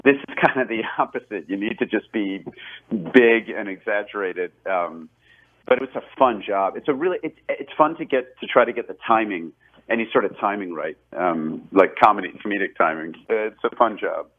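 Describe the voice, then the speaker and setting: Slightly rough and on the low side, this man's voice moves at a moderate pace through a casual interview on a tinny phone line. He's an actor and film director in his forties, there as a guest, rambling self-deprecatingly with many restarts and laughs.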